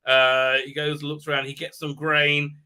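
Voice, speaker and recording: A man's voice: a little high, little pitch movement, a little slow, sharp tone, clear, resonant tone. A man hosting a live stream, giving a sarcastic, rambling recap with many "uh, uh" hesitations and sneering asides.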